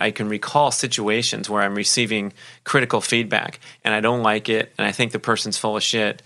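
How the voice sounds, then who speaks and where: A man's voice: on the low side, creaky, sharp tone. A man hosting a podcast, chatting casually and telling candid stories to his guest. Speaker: podcast host.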